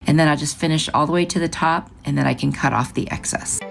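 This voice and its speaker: A woman's voice: low-pitched, fast, vocal fry, soft background music. A woman hosting a craft channel, chatting through each step of a project in a casual, upbeat way. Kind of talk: casual craft tutorial narration.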